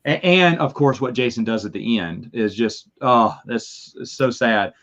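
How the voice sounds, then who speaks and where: A man in casual podcast chat, telling the story animatedly and acting out his reactions with sudden high yelps. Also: unhurried, a bit bright. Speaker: podcast co-host. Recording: slightly dull, lo-fi sound.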